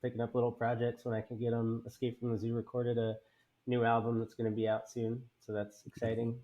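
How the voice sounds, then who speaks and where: A man's voice: medium pitch, fairly quick, dull audio. Easygoing male musician guest. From Houston, Texas. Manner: relaxed, easygoing. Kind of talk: casual interview answers.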